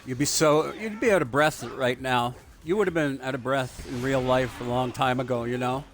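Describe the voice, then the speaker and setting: A man's voice: medium pitch, moderate pace, faint music behind. A man giving rambling, crude, digressive commentary while he plays a video game. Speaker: gaming video host. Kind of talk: rambling let's play commentary.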